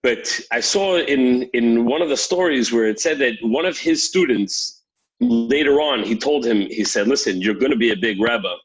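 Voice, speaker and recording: A man's voice: medium pitch, animated, moderate pace, breathy edge, faint music behind, rough recording. A man co-hosting a podcast, retelling a story in a thoughtful, casual way. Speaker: podcast co-host.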